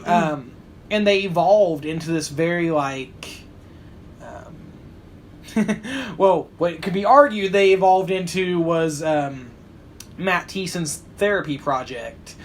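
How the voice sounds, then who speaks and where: A man's voice: on the high side, takes it slowly, a little hiss or hum. Rambling, hesitant male podcast co-host. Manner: rambling, hesitant, with many fillers. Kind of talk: casual podcast chat.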